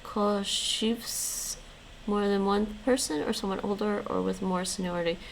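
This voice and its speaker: A woman hosting a casual language-learning stream. She reads lesson notes aloud and chats loosely with her viewers, laughing often. Her voice has a gravelly, creaky texture, with faint noise behind her. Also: mid-range voice, steady tone, unhurried, poor audio. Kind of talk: casual live-stream chat.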